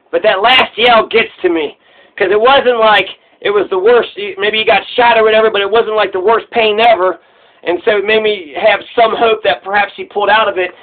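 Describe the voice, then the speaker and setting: High-voiced man rambling on a tinny line. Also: fairly even intonation, moderate pace. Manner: rambling, profane, restarts mid-thought. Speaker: commentator. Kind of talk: casual monologue commentary. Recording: tinny phone-like recording.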